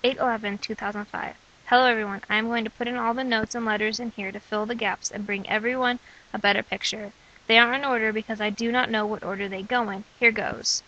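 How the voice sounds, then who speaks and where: A young woman reading her own letters, prayers and poems aloud in an earnest, measured way. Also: fairly high pitch, steady tone, pushed and bright, dull audio. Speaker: person sharing her own testimony.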